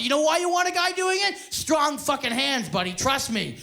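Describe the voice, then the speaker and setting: Loud profane male stand-up comic. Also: extremely high pitch, sing-song, slow, creaky, long pauses. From Canada. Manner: profane, loud, crowd-baiting delivery. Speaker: stand-up comedian. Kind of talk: stand-up comedy set. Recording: live club set with loud crowd laughter.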